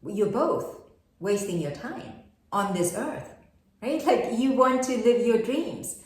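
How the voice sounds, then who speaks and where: A woman's voice: on the high side, expressive, slow pace. A woman giving a casual astrology forecast, chatty and full of rhetorical questions. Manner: chatty, asks many rhetorical questions, laughs at herself. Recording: very echoey room.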